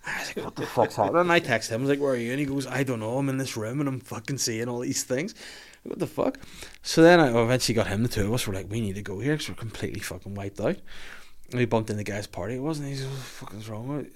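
A man spinning a rowdy anecdote on a podcast, words tumbling out at a brisk clip. He swears freely and breaks into laughter mid-story, in a mid-pitched voice. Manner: swears a lot, laughs while telling stories. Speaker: podcast host. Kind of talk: casual storytelling chat.

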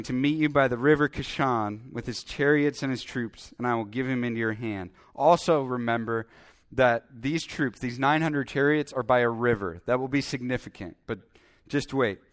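A man preaching a sermon, reading Bible verses and commenting as he goes, acting out voices now and then. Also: mid-range voice. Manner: animated, acts out voices when telling the story.

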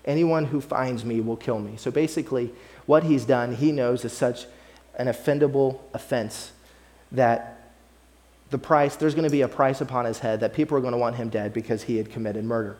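A man's voice: mid-range voice, fairly even intonation, moderate pace, a little mellow. Earnest man preaching a sermon. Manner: earnest, conversational preaching with repeated phrases. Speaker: pastor.

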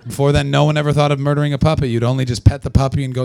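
A young Canadian man doing live stand-up at a small festival venue, profane and sarcastic, riffing with the crowd and breaking into yelled punchlines. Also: mid-range voice, little pitch movement, rapid-fire, gravelly, a little hiss or hum. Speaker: stand-up comedian.

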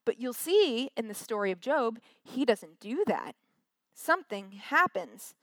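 A woman's voice: on the high side, very animated, unhurried, fairly bright tone, no room sound. A woman giving a casual, chatty sermon from a stage, acting out quotes in little voices. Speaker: preacher.

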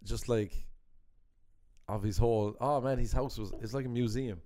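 A man's voice: medium pitch, normal speed, dark tone. A man, a comedian and podcast host, telling rambling stories in casual chat and laughing often. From Ireland.

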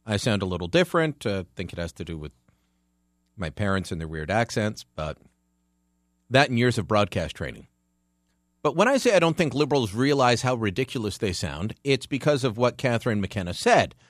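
A man's voice: medium pitch, no echo, clean studio sound. A Canadian man hosting a talk radio show, delivering opinionated commentary with emphatic, sarcastic energy.

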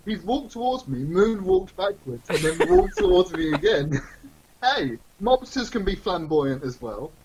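A man bantering in an improvised comedy podcast, firing off deadpan quips. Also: sits high, unhurried, gravelly, a crowd in the background, poor audio. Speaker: co-host playing along in an improvised story.

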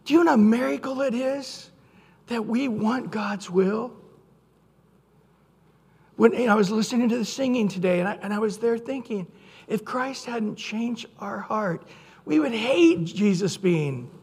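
High gravelly preacher in a reverberant hall. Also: male voice, expressive, unhurried, pauses often. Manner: earnest preaching, bursts into loud acted quotes. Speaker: pastor. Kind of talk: sermon.

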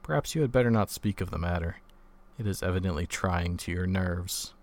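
A man reading as a brisk, kindly doctor, deep-voiced. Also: a little mellow.

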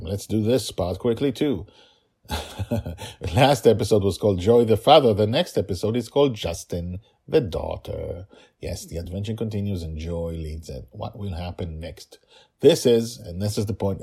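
A man, the author, reading his own story podcast with hurried, chatty asides. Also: lowish voice, a little mellow, husky. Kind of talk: storybook narration with casual asides.

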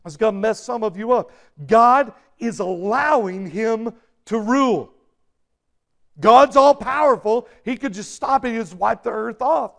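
A man's voice: high-pitched, creaky. A man preaching a sermon, emphatic and building to bursts of intensity. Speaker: pastor.

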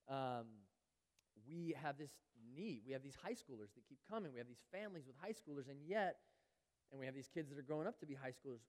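Pastor preaching in a reverberant church. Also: male voice, mid-range voice, big pitch swings, quick pace. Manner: earnest, swells louder on key phrases and drops to near-whispers; acts out everyday voices of churchgoers. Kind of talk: sermon. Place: church sanctuary.

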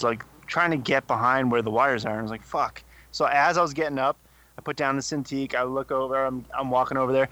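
A man's voice: mid-range voice, fairly bright tone. A young man co-hosting a podcast, telling a rambling story full of swearing. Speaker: podcast co-host. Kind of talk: casual chat.

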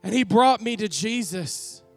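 Man as an awestruck apostle, high voice, slow and lingering, faint music behind. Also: animated, creaky, no echo, heavily acted. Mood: reverent. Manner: reverent, emotional, lingering on sighed exclamations. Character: awestruck older male apostle, earnest ex-fisherman. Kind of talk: dramatic first-person monologue.

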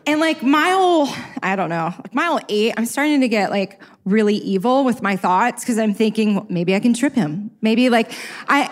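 High-voiced woman telling a funny story. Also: moderate pace. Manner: lively, self-mocking, acts out quotes. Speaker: speaker sharing a personal story. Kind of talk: storytelling talk to a live audience.

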